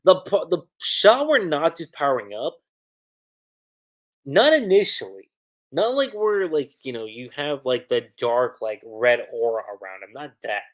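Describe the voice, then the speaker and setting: A young man giving a casual, animated livestream recap and review of an anime episode, full of fillers. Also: medium pitch, a little slow.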